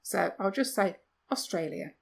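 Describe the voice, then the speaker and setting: This UK podcast co-host speaks in a mid-range, gravelly, husky voice that is animated yet a little slow. In casual conversation, she pokes fun at herself and tosses out rhetorical questions.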